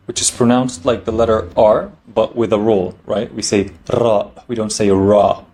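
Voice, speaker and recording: A man explains letters in a language lesson, patient and methodical. He checks in with the listener often and slows right down when he models each sound. His voice sits at a middle pitch. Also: darkish tone. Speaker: Arabic teacher.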